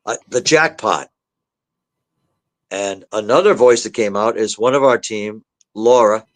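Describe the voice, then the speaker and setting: A man's voice: fairly low pitch, measured pace, no echo, rough recording. Dry-voiced man telling a story. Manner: animated, acts out the voices he quotes. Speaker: guest, author and demonologist. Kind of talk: storytelling in a podcast interview.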